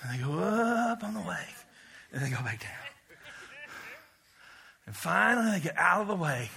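A man preaching a sermon as pastor, telling a story with acted-out voices, swinging from loud shouts to quiet asides. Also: sits high, very animated, normal speed, creaky.

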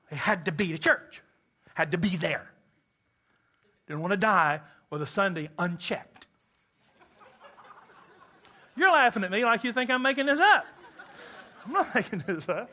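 A man from Kentucky preaching a sermon to a church congregation, animated and joking with the listeners. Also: high-pitched, normal speed, long pauses. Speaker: pastor.

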